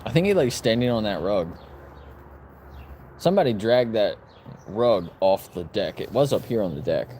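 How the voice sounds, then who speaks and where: A man chats away outdoors in a relaxed vlog, his pitch swinging widely as he talks. With the dogs he slips into high, sing-song praise. Faint yard sounds and birds sit quietly behind him. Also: moderate pace, pauses often, a little hiss or hum. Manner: chatty, switches to high sing-song baby talk for the dogs. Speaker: vlogger.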